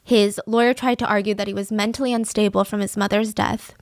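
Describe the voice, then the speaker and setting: A woman hosting a true crime podcast, telling a case in a casual, conversational way with lively asides. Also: medium pitch, fairly quick. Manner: conversational, animated asides, raises voice for quoted lines. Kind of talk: casual storytelling narration.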